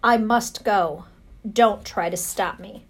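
A woman's voice: mid-range voice, slow pace, slightly rough. A woman voicing a brave, dramatic young boy mouse in a storybook reading, earnest and solemn.

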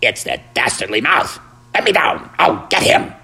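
A man's voice: mid-range voice, sing-song, moderate pace, vocal fry, sharp tone, voice pushed up, full character voice. A man voicing an irritable male terrier that yelps snappishly at a mouse, in a storybook reading. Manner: yelping and snappish.

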